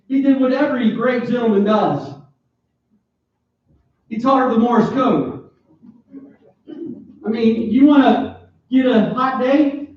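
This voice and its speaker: High-voiced preacher in an echoey hall. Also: male voice. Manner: animated, joking, with sudden loud bursts. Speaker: pastor. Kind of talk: sermon. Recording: echoey, distant, dull church PA recording.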